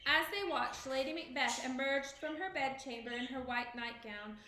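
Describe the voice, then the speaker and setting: A woman's voice: fairly high pitch, steady tone, normal speed, few pauses, bright, forceful tone, reverberant, a little hiss or hum. A woman reading a storybook aloud expressively at home, as a teacher to a child.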